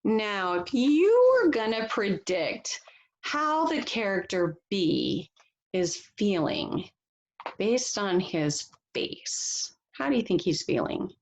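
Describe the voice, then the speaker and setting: A woman teacher giving a read-aloud phonics lesson, reading slowly and deliberately and laughing softly now and then. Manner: slow, deliberate reading with lively pitch and soft laughs.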